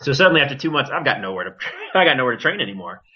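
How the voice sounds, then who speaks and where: A man's voice: mid-range voice, very fast. A man who wrestles, guesting on a podcast, telling a story casually and animatedly, swearing and acting out other people's lines. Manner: animated, profane, acts out quoted voices. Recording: dull lo-fi podcast audio.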